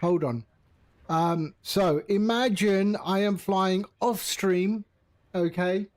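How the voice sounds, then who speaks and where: High-pitched and slow, a man's voice carries casual live-stream chatter as he sets up a flight simulator, wandering through topics with his viewers.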